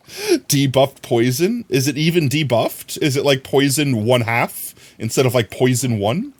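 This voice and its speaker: Lively rambling male streamer. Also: mid-range voice, measured pace, husky. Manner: rambling, self-talking, laughs often; chatting to viewers. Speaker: livestreamer. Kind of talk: casual gameplay commentary.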